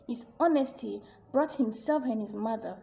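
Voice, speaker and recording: Expressive woman storyteller, fairly high, mellow voice. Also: moderate pace, vocal fry, slight background noise. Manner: animated, expressive. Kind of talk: storytelling narration.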